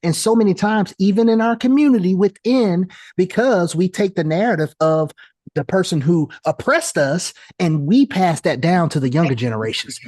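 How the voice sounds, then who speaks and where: A coach speaking passionately on a panel, animated and preacher-like, who fires off rhetorical questions. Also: mid-range voice, brisk, dry recording, clean studio sound.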